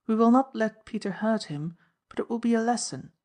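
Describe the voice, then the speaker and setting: Woman reading a teasing fearless young woman, scornful, storybook voice, a bit raised in pitch. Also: animated, brisk, warm tone, close to an everyday voice.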